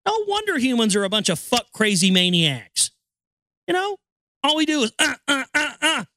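Profane, excitable man with a lively voice. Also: very high-pitched, normal speed, no room sound, studio quality. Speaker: podcast host. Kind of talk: reading aloud and ranting commentary.

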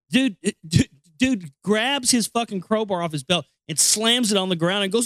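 A man's voice: sits high, normal speed, a bit bright, dry recording. A man hosting a show, reading out news stories and ranting about them in a profane, sarcastic, rambling way. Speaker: show host.

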